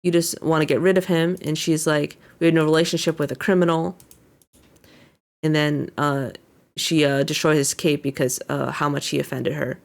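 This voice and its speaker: Low, gravelly-voiced young woman recapping. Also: flat delivery, normal speed. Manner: recaps scenes by paraphrasing characters with many fillers. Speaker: VTuber reacting to an anime episode. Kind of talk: casual commentary.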